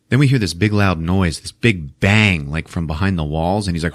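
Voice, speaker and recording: A man's voice: brisk, hardly any pauses, fairly bright tone. A man hosting a podcast, recapping a movie with profane jokes. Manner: profane, acts out characters in squeaky voices. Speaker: podcast host.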